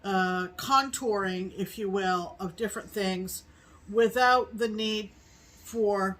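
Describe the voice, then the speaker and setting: Casting: middle-aged woman co-host, unhurried, meandering with ums, from New England. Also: mid-range voice, a bit bright, poor audio. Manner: slow, rambling with many ums. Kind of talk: casual chat.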